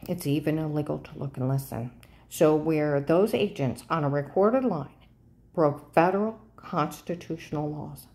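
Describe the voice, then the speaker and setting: Woman vlogging to camera, fairly low voice, urgent and insistent, voice leaps up when worked up. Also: moderate pace, darkish tone. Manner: urgent, insistent, with repeated rhetorical checks; pitch jumps sharply when agitated. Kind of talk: direct-to-camera monologue.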